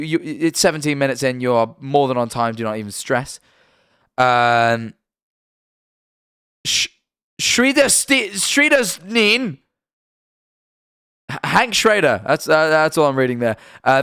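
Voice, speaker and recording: A young British man rambles through a casual live-stream chat in a medium-pitched voice and stops often to correct himself. His voice sounds dry and close, with no room around it. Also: a bit bright, clean tone, no echo. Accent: British English. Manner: rambling, self-correcting, chatty.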